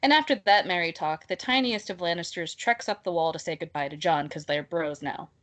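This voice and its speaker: A woman with a somewhat low voice talks through a book in a casual discussion podcast. She is animated and exasperated, and she laughs often as she talks. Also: fairly quick. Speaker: podcast co-host.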